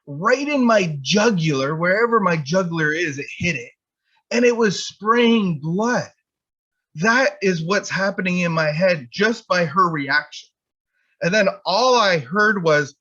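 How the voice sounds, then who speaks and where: A man with a fairly high voice tells rambling, self-mocking stories from his own life to make a point about recovery. He stumbles and restarts often as he talks. The sound is dull and lo-fi. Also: sharp tone. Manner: rambling, self-deprecating anecdotes with many restarts. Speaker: addiction recovery teacher. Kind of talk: personal storytelling talk.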